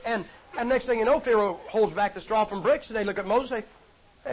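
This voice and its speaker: A man's voice: sits high, a little fast, a little hiss or hum. A man preaching a sermon in a folksy, joking, conversational way. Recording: dull lo-fi recording.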